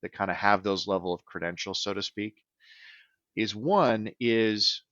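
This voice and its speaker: A man's voice: fairly low pitch, a little slow, a bit bright, dry recording, dull audio. A man who works as a business transition advisor, answering podcast interview questions in an earnest way and often checking in with "right?".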